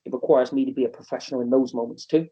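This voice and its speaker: Animated man telling stories on a podcast. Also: medium pitch, racing, slightly rough. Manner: animated storyteller, acts out quotes in a raised voice. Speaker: wrestling promoter and guest. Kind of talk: casual interview storytelling. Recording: dull lo-fi podcast audio.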